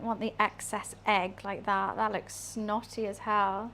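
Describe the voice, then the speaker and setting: At a medium pitch, her voice stays level and sharp in tone, unhurried and with few pauses. She's a woman livestreaming her cooking in a home kitchen, chatting easily and teasing herself for her chat, with faint frying noise sizzling behind.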